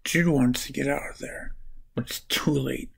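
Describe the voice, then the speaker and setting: A man's voice: medium pitch, fairly even intonation, unhurried, gravelly, husky, low-quality recording. A man casually summarizing comic books for his vlog, rambling and correcting himself as he goes. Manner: rambling, restarts and corrects names while summarizing. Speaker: comic book reviewer.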